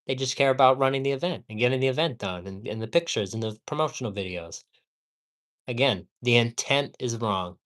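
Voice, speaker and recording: A man's voice: medium pitch, a little fast, fairly bright tone. A man ranting heatedly and profanely at home during a casual livestream, rambling and repeating himself for emphasis. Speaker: live streamer.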